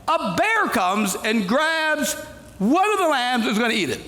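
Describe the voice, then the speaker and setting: A high, gravelly male preacher who swings his pitch wildly while telling a story. He cracks jokes and bursts into shouted character voices. This is a lively, comic sermon delivered from the stage. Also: measured pace, long reverb tail. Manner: animated, jokey, acts out characters with shouted quotes. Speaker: pastor. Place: church auditorium.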